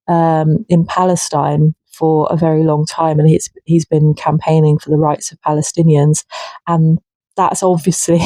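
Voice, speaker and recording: A woman's voice: lowish voice, warm tone, no echo. A woman ranting to camera, heated and indignant, swearing freely. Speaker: vlogger. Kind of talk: impassioned political rant.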